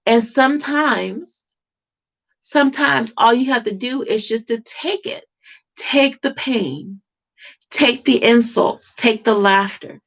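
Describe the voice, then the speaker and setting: Emphatic woman with a gravelly voice. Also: a little high, slow, a bit bright. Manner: emphatic, repetitive, rhetorical questions. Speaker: vlogger. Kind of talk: impassioned monologue to camera.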